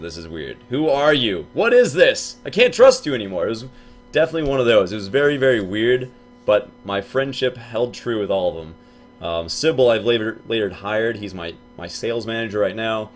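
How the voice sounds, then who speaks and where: A young man telling a story casually to his viewers, acting out what his friends said in hushed and loud voices. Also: fairly low pitch.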